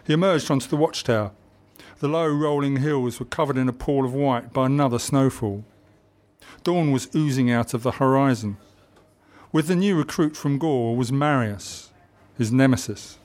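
A man reading a historical adventure novel aloud in measured audiobook narration. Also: mid-range voice, darkish tone.

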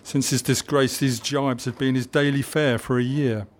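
A man reading a historical adventure novel aloud in measured audiobook narration. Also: mid-range voice, fairly even intonation.

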